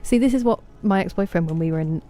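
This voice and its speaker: Chatty English streamer woman, mellow voice. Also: lowish voice, fast. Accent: English Estuary. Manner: chatty, answers chat messages by name. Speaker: streamer playing a game. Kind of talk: casual live-stream chat with viewers.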